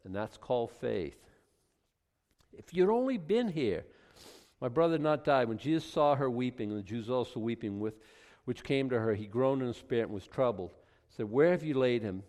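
Guy preaching a sermon, reads bible verses then riffs, gets loud and emphatic, long echo like a church hall. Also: mid-range voice. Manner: reads scripture aloud and comments, rising to loud emphatic passages.

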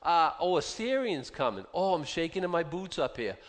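A man's voice: on the high side, very animated, moderate pace, pitched above the performer's own voice. A man voicing God as an exasperated, sarcastic male divine figure who mocks and sounds incredulous. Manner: mocking, incredulous. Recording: long hall reverb.

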